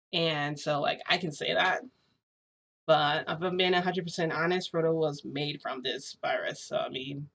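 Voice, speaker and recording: A woman's voice: sits low, a bit bright. A young woman vlogger rambling casually through a personal story, full of filler words. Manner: chatty, rambling, frequent "like" fillers. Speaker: shifting vlogger.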